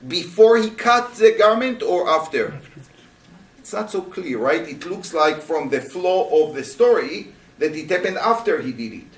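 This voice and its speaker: A male rabbi teaches a Torah class, pressing his students with animated rhetorical questions. His voice sits high and leaps around in pitch. He is picked up from a distance, with the echo of the room around him. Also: measured pace. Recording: roomy, voice from a distance.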